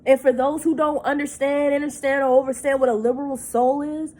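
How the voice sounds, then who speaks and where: Fighting tears, a thirty-something vlogger vents emotionally, swearing, repeating herself, and stumbling over restarted words. She talks a little fast in a high, warm voice with fairly even intonation, and the audio quality is low.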